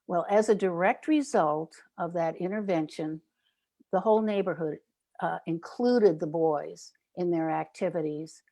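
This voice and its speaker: A woman's voice: lowish voice, unhurried, warm tone. An older woman on an interview show, telling community stories and acting out the people she quotes. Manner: storytelling, acts out quoted neighbors. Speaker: guest, child safety advocate.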